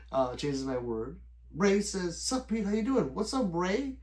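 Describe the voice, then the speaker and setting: A middle-aged man hosts a late-night livestream, chatting loosely with viewers at his desk mic and reading their messages aloud. His talk rambles and is peppered with swearing. His pitch swings widely, rising and dropping from phrase to phrase. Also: very animated, a little slow, a little mellow. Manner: loose and rambling, swears often, answers chat by name. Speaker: livestream host reading chat.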